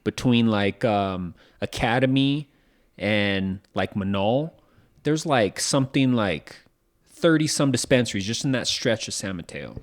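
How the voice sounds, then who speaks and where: A man co-hosting a casual podcast chat, easygoing and quick to agree. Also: lowish voice, expressive. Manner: laid-back, lots of short agreeing replies. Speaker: podcast co-host.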